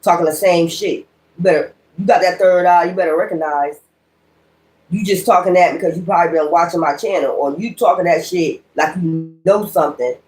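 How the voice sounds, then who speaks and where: A woman's voice: lowish voice, brisk, a little mellow, faint music behind. Blunt, profane woman reading tarot. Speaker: tarot reader. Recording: echoey room.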